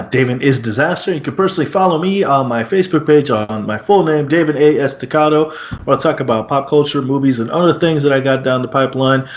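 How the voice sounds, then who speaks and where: A man co-hosting a casual movie review chat, enthusiastic and chiming in with quick agreement. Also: medium pitch, roomy sound. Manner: enthusiastic, chimes in, laughs often. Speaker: podcast co-host.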